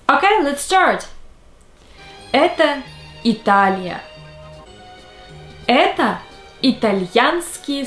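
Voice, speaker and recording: A woman teaching a language lesson, saying each example word slowly and carefully. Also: a little high, echoey room. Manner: slow careful enunciation of example words.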